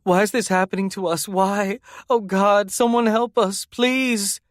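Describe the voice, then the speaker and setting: A man's voice: high-pitched, steady tone, unhurried, no room sound, clean studio sound, pitched above the performer's own voice. Man voicing a frantic wailing young mother. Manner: wailing, panicked pleading. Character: frantic young mother, screaming for her child.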